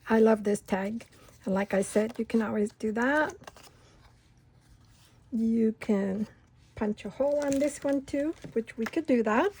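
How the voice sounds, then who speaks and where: Slow, gravelly middle-aged craft host. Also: female voice, on the high side, slight background noise. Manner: rambling, unhurried storytelling while working; soft-spoken, drops to near-whisper while gluing. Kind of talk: casual crafting tutorial chat.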